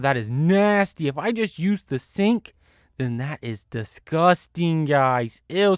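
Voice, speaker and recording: A man hosting a gaming channel, giving gameplay commentary in a gushing, over-the-top excitable way, piling on superlatives with big swings in pitch and loudness. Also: no room sound, clean studio sound.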